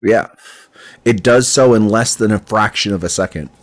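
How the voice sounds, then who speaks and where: A man's voice: on the low side, moderate pace, no echo. Blunt, swearing young male streamer. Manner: blunt, swears freely, restarts sentences. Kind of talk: casual live-stream chat while coding.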